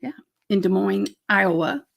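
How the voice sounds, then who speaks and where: A woman co-hosts a relaxed live chat, her voice carrying a gravelly edge. She talks in a chatty, teasing way and drops quick asides as she goes. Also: medium pitch. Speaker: co-host, teacher. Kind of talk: casual chat.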